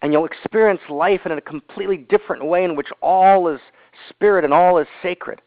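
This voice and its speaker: A man voicing an old Hasidic master in a story, speaking in slow, hushed, awed repetitions. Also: high voice, no echo, voice pushed up. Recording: tinny phone-line audio, dry.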